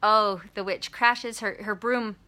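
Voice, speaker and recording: A woman hosting a short video, retelling a children's story in an animated, chatty way. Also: medium pitch, slow. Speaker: host.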